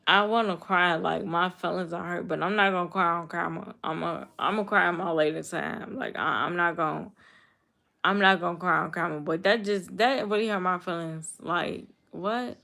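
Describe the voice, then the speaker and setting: A young woman chats on her livestream and answers comments. Her voice is low and gravelly, and she talks in a hurt, halting way, often repeating herself. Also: steady tone, bright, forceful tone. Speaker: livestream host. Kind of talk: casual live chat reading comments.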